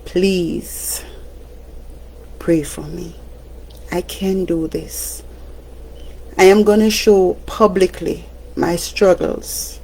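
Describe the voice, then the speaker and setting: A Jamaican woman speaks slowly in a casual livestream monologue, chatty and quick to laugh. Her voice has a gravelly, creaky edge, and she talks like the radio broadcaster she is. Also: on the low side, steady tone, mellow. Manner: chatty, laughs often, breaks into song.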